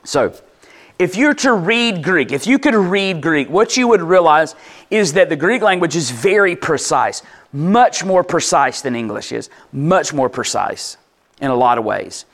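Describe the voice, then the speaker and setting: Chatty preacher with a fairly high voice. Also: male voice, very animated, a little slow, fairly bright tone. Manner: conversational, checks in with listeners often; restarts and repeats words while explaining. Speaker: pastor. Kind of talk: sermon teaching.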